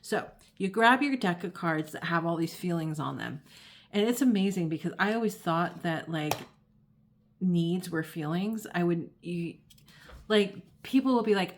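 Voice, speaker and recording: A woman with a slightly low voice talks casually to her viewers about feelings and reactions. She fills her speech with "like" and "um". She slips into quick acted-out voices of other people as she explains. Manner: chatty, many fillers, acts out quoted voices. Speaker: astrology and tarot channel host. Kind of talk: casual explanatory talk to camera.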